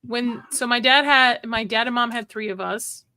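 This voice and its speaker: A blunt woman chatting on a podcast, laughing easily as she explains things. Her voice is high and bright, recorded close and dry. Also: normal speed, no echo. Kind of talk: casual chat.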